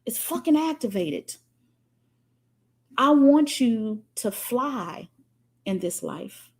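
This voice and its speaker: Brief: high-voiced, animated woman, profane fiery spiritual coach. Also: takes it slowly. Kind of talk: livestream talk answering comments.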